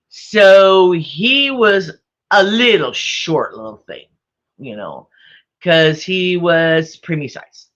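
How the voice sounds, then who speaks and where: A woman's voice: low-pitched, lively intonation, slow, a bit bright, dull audio. A woman vlogger telling a rambling family story, repeating herself and chuckling often. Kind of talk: casual storytelling.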